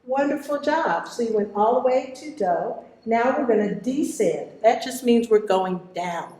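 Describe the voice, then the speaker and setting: A woman teaching children a vocal warm-up, encouraging them and demonstrating exercises. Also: fairly high pitch, expressive, measured pace, reverberant. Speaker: music teacher.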